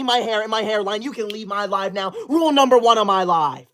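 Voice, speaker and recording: With a high, slightly bright voice and lively intonation, a young man runs an in-character comedy livestream at normal speed, barely pausing. Reading out super chats, he scolds chatters with prim indignation, defensive and overly formal in his wording.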